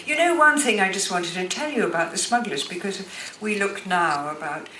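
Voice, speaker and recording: An older actress telling chatty, animated anecdotes at a live stage Q&A. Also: female voice, mid-range voice, normal speed. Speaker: guest actress. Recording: echoey hall with background noise.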